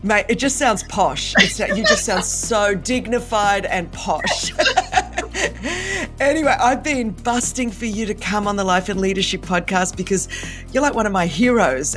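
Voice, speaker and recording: Aussie woman hosting a podcast, super excited, gushy, music under it. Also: medium pitch. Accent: Australian. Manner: enthusiastic, gushing. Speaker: podcast host. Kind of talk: casual interview chat.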